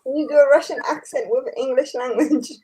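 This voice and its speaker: A woman's voice: sits high, steady tone, fairly quick, mellow. A woman chatting casually on a livestream with dry, teasing banter. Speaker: co-host on livestream.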